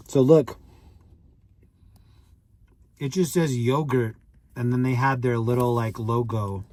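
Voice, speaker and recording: A man's voice: mid-range voice, fairly even intonation, slow, long pauses, darkish tone, no echo. A man casually chatting on a live stream, joking, rambling, and greeting viewers by name.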